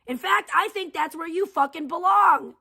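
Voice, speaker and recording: A woman's voice: very high-pitched, normal speed, pushed and bright. A woman hosting a livestream, ranting heatedly with constant swearing and insults. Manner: profane, heated, venting. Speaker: livestream host. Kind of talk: angry livestream rant.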